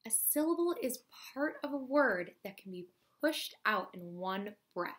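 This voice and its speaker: Woman teacher, unhurried and deliberate, mid-pitched, explains reading skills to young kids. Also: big pitch swings, a bit bright. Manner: slow, clear teaching voice, claps out syllables. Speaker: first grade teacher. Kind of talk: recorded phonics lesson.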